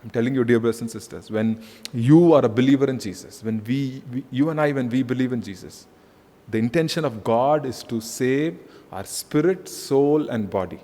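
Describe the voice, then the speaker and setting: A man's voice: medium pitch, normal speed, warm tone. A man preaching a conversational sermon as pastor, repeating phrases and saying "you know" often. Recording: echoey hall.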